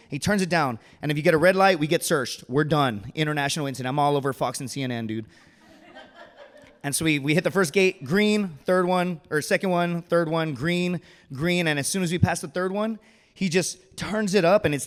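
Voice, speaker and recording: A Marine veteran in his thirties telling a true story live on stage, casual and animated. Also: fairly high pitch, brisk. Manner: casual, animated, says dude and right a lot. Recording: long hall reverb.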